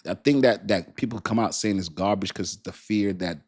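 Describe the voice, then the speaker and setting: A young man hosts a casual crypto livestream, reading viewer comments aloud in a lively, colloquial style and laughing often. His voice is on the low side, with a breathy edge and a normal speaking speed.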